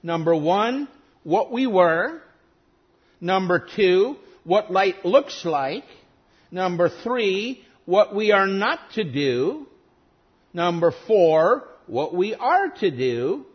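A male preacher with a high, husky voice that swoops widely as he teaches through a text. He speaks slowly and deliberately, leaning hard on single words. The recording is dull and lo-fi. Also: big pitch swings. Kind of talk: expository sermon.

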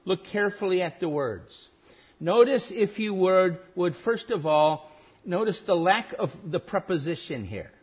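A male preacher with a high, husky voice that swoops widely as he teaches through a text. He speaks slowly and deliberately, leaning hard on single words. The recording is dull and lo-fi. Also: expressive. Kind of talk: expository sermon.

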